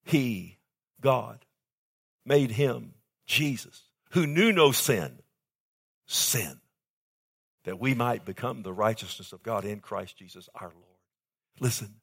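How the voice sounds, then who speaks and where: With a husky, medium-pitched voice, a man preaches forcefully, shifting between soft passages and loud eruptions. Along the way he calls for the congregation's response.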